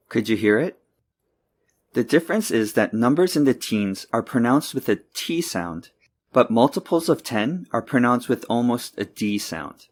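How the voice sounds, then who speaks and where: A man teaching pronunciation in a scripted lesson. He speaks clearly and deliberately at a middle pitch and slows down to model each word. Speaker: English teacher.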